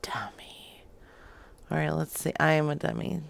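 A woman's voice: sits low, completely flat delivery, fast talker, vocal fry. A woman chatting casually on a stream, giggling a lot and slipping into whispered asides. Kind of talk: casual chat.

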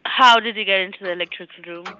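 A woman's voice: medium pitch, quick pace, bright, forceful tone. A woman working as a hotel receptionist on a phone call, asking patient, polite questions. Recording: dull lo-fi phone sound, faint noise.

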